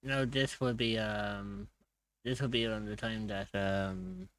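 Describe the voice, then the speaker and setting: Low-voiced guy running a tabletop game, slow and hesitant. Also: steady tone, fairly bright tone, poor audio. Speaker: game master.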